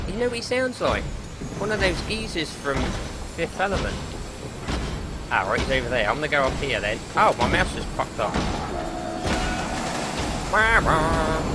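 Jumpy, swearing gamer. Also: male voice, mid-range voice, heavy background noise. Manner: panicky, swearing, jokey and excitable. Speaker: gaming YouTuber. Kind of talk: horror game let's play commentary.

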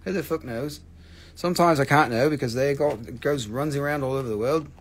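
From his family's rock and mineral shop, a middle-aged man sells stones on a livestream in a loose, profanity-laced, rambling chat. He has a mid-range voice and talks fairly quickly.

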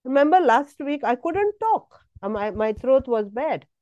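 A woman's voice: high-pitched, sing-song, unhurried, darkish tone, dry recording, highs cut off. A woman preaching a sermon, exhorting with emphatic repetition and sudden rises in her voice.

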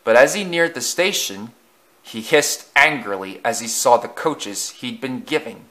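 A man narrating a children's railway story in a gentle, measured way. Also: mid-range voice.

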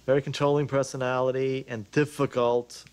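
A man in a documentary interview, speaking in a measured, frank way. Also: medium pitch, level tone, a little mellow, clean tone.

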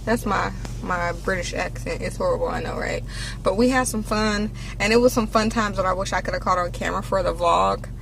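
A woman's voice: medium pitch, brisk, creaky, fairly bright tone, a little hiss or hum, low-quality recording. A woman vlogger chatting casually and rambling through her day with self-deprecating asides, filming on a handheld camera from inside a car. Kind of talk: casual vlog chat. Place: inside a car while driving. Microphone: handheld camera or phone.

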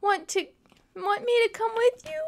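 A woman's voice: high voice, sing-song, slow, gravelly, fairly bright tone, heavily acted. A woman voicing a young male dragon who shows off and then feels lonely, in a storybook reading, sounding eager and pleading.

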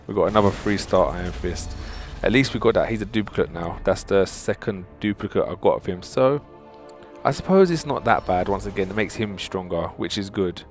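A man hosting a gaming channel, commenting on opening game crystals, excitable and exasperated, pleading with the game and calling his viewers dudes. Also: deep voice, fairly quick, faint music behind. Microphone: desktop mic.

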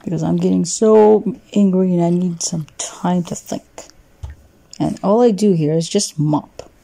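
An indignant young man stuck mopping floors grumbles about his job, as a woman voices him. The voice is husky and dark, with a gravelly edge. It is a game character voiced over gameplay. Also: on the low side, measured pace. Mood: complaining. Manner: indignant complaining. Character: frustrated young male intern who wants doctoring.

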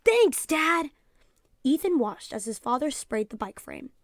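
A woman teacher reading a children's storybook aloud in a calm storytelling voice, announcing page numbers. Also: a little high, moderate pace, no echo, clean studio sound. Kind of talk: children's read-aloud narration.

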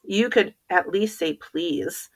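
A woman's voice: lowish voice, takes it slowly, rough recording. A woman voicing a huffy stubborn schoolboy. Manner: huffy, indignant. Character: clever, stubborn schoolboy friend, huffy and fed up.

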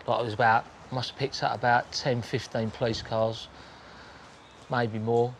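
A man's voice: medium pitch, level tone, a little hiss or hum. A man bluntly recounting his own story in casual talk, swearing often and acting out what people said. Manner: blunt, swearing, acts out scenes with quick quoted voices. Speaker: interviewee recounting his crimes.

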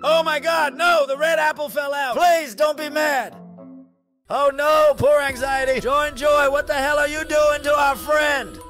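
A man reacting to short videos, talking to his viewers in an excitable, shouty way full of exclamations. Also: very high-pitched, measured pace, faint music behind.

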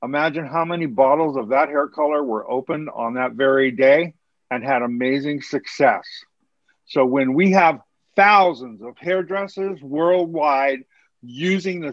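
A man's voice: a little high, no echo, highs cut off. A man co-hosting a casual podcast, talking earnestly and a little preachily about his trade, rambling with restarts and the odd laugh. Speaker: podcast co-host, hair color educator.

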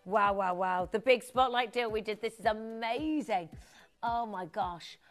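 A woman's voice: fairly high pitch, unhurried. A woman presenting a live TV shopping show, gushing and exclamatory as she chats with viewers while selling jewelry.

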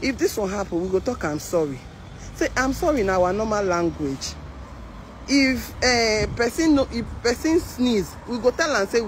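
A woman's voice: medium pitch, moderate pace. A woman from Nigeria with a Nigerian Pidgin accent, telling a personal story in a casual monologue and acting out the voices of people in it. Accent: Nigerian Pidgin English. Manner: animated, mimics voices in the story. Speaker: care worker telling her story. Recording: outdoor traffic noise.

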